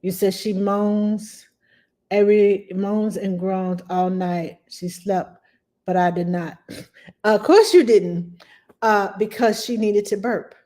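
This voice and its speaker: A middle-aged nanny hosting a casual live stream, her voice pitched in the ordinary middle range for a woman. She chats with viewers, greets them by name, and walks through her advice one step at a time. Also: mellow. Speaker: nanny giving parenting advice.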